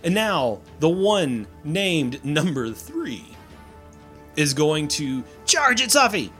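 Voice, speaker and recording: A man narrating a tabletop game as game master, animated and laughing often. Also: fairly high pitch, slow, faint music behind.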